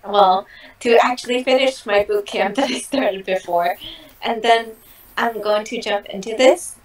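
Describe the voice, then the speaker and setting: A woman's voice: mid-range voice, a little slow, recorded from a distance, low-quality recording. A young woman in a research lab chatting casually and eagerly, with frequent laughs and fillers. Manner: bubbly, laughs often, many fillers. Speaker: lab member. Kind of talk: casual meeting chat.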